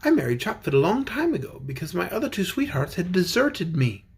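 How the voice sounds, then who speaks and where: A man's voice: high voice, big pitch swings, brisk, gravelly, husky, exaggerated voice. A man voicing a young woman who speaks in a cool, politely amused way.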